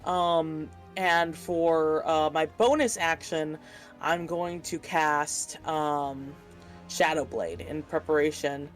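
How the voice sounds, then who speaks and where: Slow, hesitant tabletop player. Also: mid-range voice, fairly even intonation, soft background music. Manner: hesitant, many ums and uhs, adds up dice aloud. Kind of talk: casual game talk.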